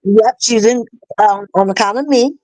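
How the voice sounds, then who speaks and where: A middle-aged woman speaks as a guest in a live conversation. Her voice sits fairly high, and the sound is dry and close with no room echo. She talks in a halting, earnest way, full of fillers and restarts. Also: darkish tone. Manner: earnest, plain-spoken. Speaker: interview guest, bereaved mother. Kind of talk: emotional personal storytelling in a live chat.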